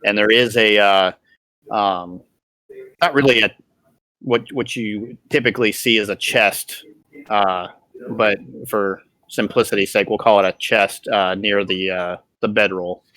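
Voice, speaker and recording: A man narrating as dungeon master over a video call, halting with many fillers and restarts. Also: fairly low pitch, fairly even intonation, bright, forceful tone, no room sound. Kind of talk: narrating a tabletop game.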